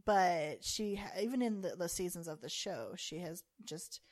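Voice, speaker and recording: A woman's voice: lowish voice, expressive, moderate pace, a little mellow, no echo, clean studio sound. A woman co-hosting a casual chat podcast, chatty and laughing often as she tells rambling anecdotes. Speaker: podcast co-host.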